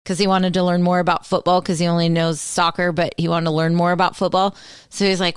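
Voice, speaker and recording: A woman co-hosting a podcast, chatty and quick to laugh, telling stories in casual conversation. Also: fairly low pitch, steady tone, clear, resonant tone, dry recording, clean studio sound. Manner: chatty, laughs often, storytelling. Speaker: podcast co-host. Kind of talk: casual chat.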